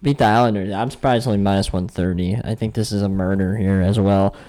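A man's voice: on the low side, steady tone, fast, mellow. Chatty joking male podcast host. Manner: chatty, joking, trails off mid-sentence. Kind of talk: casual sports betting chat.

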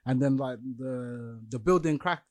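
A man's voice: medium pitch, measured pace, no echo. A young man, co-hosting a casual podcast chat and retelling scenes step by step. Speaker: podcast co-host.

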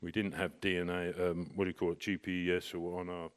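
A middle-aged man telling a personal story in a casual, anecdotal way, animated and full of restarts. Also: sits low, fairly quick, clear, resonant tone. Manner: animated, with restarts and bursts of excitement. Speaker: storyteller recounting personal experience.

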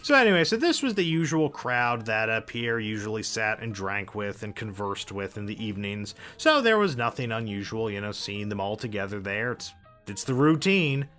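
A man's voice: lowish voice, sing-song, normal speed, fairly bright tone, soft background music. A man telling a story casually on a podcast, with wry joking asides.

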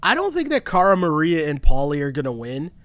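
A man co-hosting a podcast in casual chat, animated and exasperated, laughing often. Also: a little high, fairly quick, no echo. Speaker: podcast co-host. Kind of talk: casual chat recapping a reality show.

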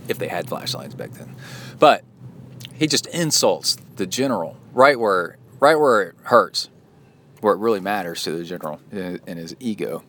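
A man's voice: sits low, expressive, moderate pace, fairly bright tone. A man hosting a podcast, talking alone in a casual, rambling, reflective way, recorded in a car. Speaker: podcast host. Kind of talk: casual solo talk. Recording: road noise from a car.

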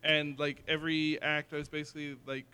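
A man guesting on a podcast as a burlesque host, from Canada, telling stories in animated casual chat. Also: a little high, brisk, clear, resonant tone. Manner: animated storyteller, lots of "like".

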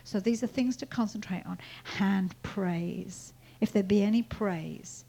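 A woman preaching a sermon, repeating phrases and swinging from quiet teaching to loud proclaiming. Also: medium pitch, lively intonation, unhurried, hardly any pauses, rough recording.

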